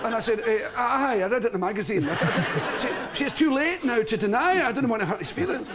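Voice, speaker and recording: A Scottish man with a high, wildly swooping voice rambles through a funny story about his father. He laughs as he goes and keeps losing the thread. A noisy television studio hums behind him. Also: animated, fast talker, crowd noise. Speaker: guest. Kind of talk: storytelling on a chat show.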